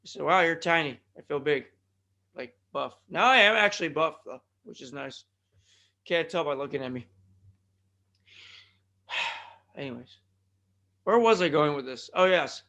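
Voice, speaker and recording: A man's voice: a little high, expressive, a little slow, pauses often, bright, forceful tone. A man from California hosting his own podcast, rambling through jokey asides and calling his listeners folks. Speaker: podcast host. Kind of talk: casual rambling podcast monologue.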